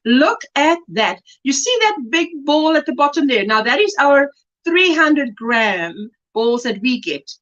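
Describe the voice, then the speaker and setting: A South African woman hosting a casual crochet livestream, chatting warmly and reading viewer comments aloud with delight. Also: sits high, big pitch swings, unhurried, lo-fi sound.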